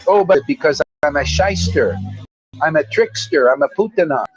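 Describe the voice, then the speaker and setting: A man's voice: fairly high pitch, animated, moderate pace, breathy edge, highs cut off. A man giving an informal devotional talk as a spiritual teacher, blunt, preachy and full of slang.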